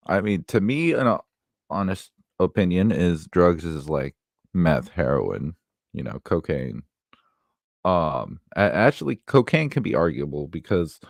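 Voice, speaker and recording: A young man with a very low, gravelly voice, chatting loosely and swearing now and then. The sound is dry and close, with no room around it. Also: a little mellow, no room sound. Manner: laid-back, rambling, swears casually. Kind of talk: casual chat.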